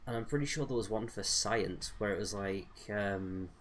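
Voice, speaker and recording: Give me a young man rambling through a let's-play, voice on the low side. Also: normal speed, slight background noise. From United Kingdom. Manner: rambling, chatty, with frequent fillers and self-corrections. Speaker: gaming streamer. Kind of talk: casual let's-play commentary.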